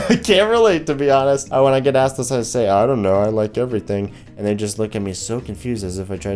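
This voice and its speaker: A young man hosting a comedy video, reading out viewer comments and reacting with sarcastic, animated commentary. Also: lowish voice, clear, resonant tone. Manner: animated, sarcastic, jumps into mocking voices. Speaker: YouTube host reading comments.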